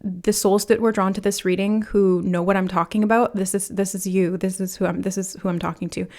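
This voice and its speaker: A woman giving a pick-a-card tarot reading, talking in a lively way, full of fillers, and acting out the voices she quotes. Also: medium pitch, a little fast. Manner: animated, talks with many fillers and acts out quoted voices. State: nervous, laughing from nerves. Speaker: tarot reader.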